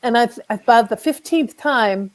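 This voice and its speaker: A woman's voice: a little high, measured pace, rough recording. A middle-aged woman, a guest author, speaking candidly and wryly in a casual interview. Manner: candid, wry with light laughs.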